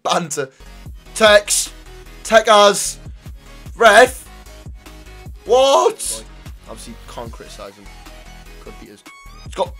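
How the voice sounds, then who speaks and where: A young man commentating his own football video game, swinging between excited shouts and low mutters, swearing freely. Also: takes it slowly, pauses often, faint music behind. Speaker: gaming YouTuber. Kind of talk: live gameplay commentary.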